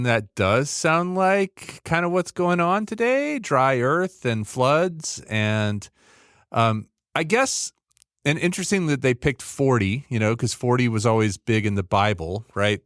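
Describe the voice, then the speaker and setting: A man co-hosting a podcast in casual chat, rambling and animated with many restarts. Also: mid-range voice, clear, resonant tone, no echo, studio quality. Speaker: podcast co-host.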